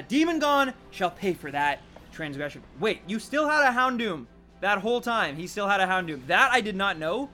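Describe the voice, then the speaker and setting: A man streaming a video game live, commenting excitedly on his moves and chatting with viewers. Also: high-pitched.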